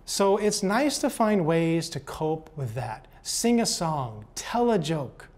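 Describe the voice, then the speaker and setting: Older man telling folksy, gentle stories. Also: on the high side, big pitch swings, takes it slowly. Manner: gentle, folksy, repeats words. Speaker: speaker. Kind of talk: motivational storytelling talk.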